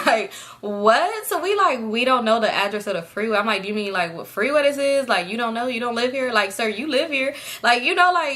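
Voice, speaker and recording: A young woman, telling a casual storytime, animated and laughing as she quotes the people in her story. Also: a little high.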